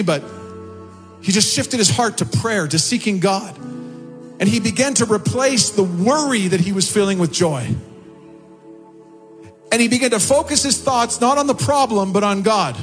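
A man preaching a sermon as a pastor, impassioned and rising in pitch on prayers and quotes, with faint music behind. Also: animated, moderate pace. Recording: long hall reverb with faint music behind. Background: soft music.

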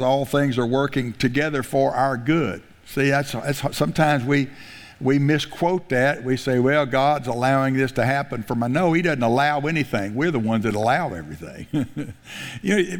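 A man preaches a sermon at an ordinary middle pitch, slowing down to lean on verses of scripture and stumbling now and then in casual asides. His voice rings out with a long reverb, as in a large hall. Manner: reads scripture aloud slowly with emphasis, chuckles, restarts words. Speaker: pastor.

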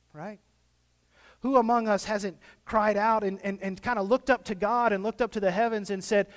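A man preaching a sermon in a casual, conversational way, rising at times into impassioned pleas. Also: a little high. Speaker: pastor. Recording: long hall reverb.

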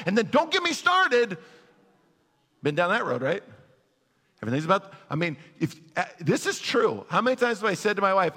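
A man's voice: sits high, very animated, moderate pace, sharp tone. A male pastor preaching a conversational sermon, asking his congregation questions and acting out their worries. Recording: long hall reverb.

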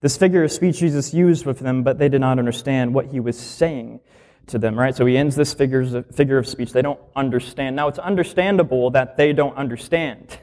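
A man's voice: medium pitch, fairly quick, mellow. A male minister giving a sermon in a conversational teaching style, explaining scripture plainly and asking the listeners questions.

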